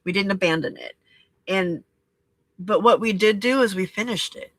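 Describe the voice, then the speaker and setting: A woman with a bright, clear voice talks through a monthly reflection for a crafting challenge. She speaks gently and encouragingly and keeps checking in with her viewers. The sound is close and dry, with no room echo. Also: medium pitch, normal speed. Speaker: host of a journaling and crafting challenge. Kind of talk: reflective casual talk to viewers.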